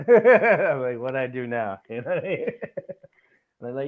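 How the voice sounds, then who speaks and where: A man's voice: mid-range voice, big pitch swings, unhurried, narrow, tinny audio. Rambling, laughing man hosting a podcast. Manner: rambling, laughing often, lots of fillers. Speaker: podcast host. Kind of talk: casual podcast chat.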